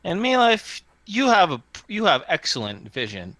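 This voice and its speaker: A man's voice: high-pitched, huge pitch swings, normal speed, a bit bright, no echo. A man narrating as game master of a tabletop role-playing game, describing scenes with many fillers and restarts.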